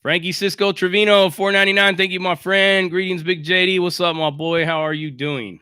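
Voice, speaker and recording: A high, bright-voiced man holds forth on a livestream, blunt and sarcastic, swearing freely. The sound is dry and close, with no room around him. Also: steady tone, a little fast, clean tone, dry recording. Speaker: livestream host. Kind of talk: casual livestream rant.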